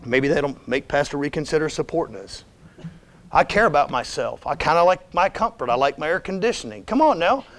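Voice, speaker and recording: Man, high voice, emphatic conversational church sermon from a visiting missionary preacher. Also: lively intonation, brisk, a bit bright. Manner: emphatic, conversational, keeps urging "listen" and "come on now". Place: church sanctuary.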